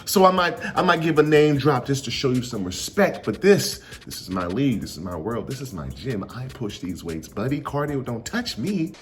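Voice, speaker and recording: A man's voice: medium pitch, big pitch swings, normal speed, hardly any pauses, a little hiss or hum, pitched above the performer's own voice, lightly acted. A man voicing a swaggering giant male pirate boss with cocky, slangy bragging.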